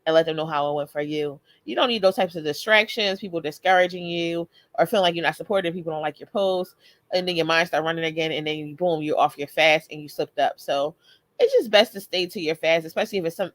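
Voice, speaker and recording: A woman's voice: low voice, no echo. A woman in her thirties hosting a live motivational stream, talking casually and often laughing as she greets viewers. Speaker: host.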